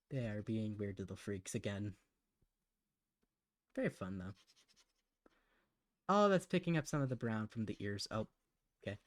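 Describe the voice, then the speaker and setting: A man's voice: fairly low pitch, animated, normal speed, pauses often, dry recording. A man chatting casually on a live stream while he draws. He rambles, mutters to himself, and laughs often.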